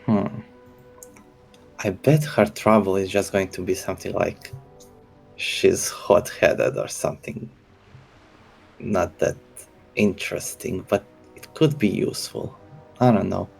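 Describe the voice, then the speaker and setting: A man's voice: low voice, a little slow, vocal fry, pauses often, darkish tone, faint music behind. A man playing a tabletop game, thinking aloud and hesitant about choices. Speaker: player. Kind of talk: casual chat at a game table.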